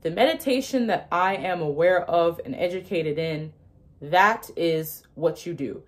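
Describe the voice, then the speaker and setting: A woman's voice: fairly low pitch, a little slow. A young woman who talks casually and emphatically, laughing often and acting out inner voices as she explains ideas to her viewers. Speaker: manifestation content creator.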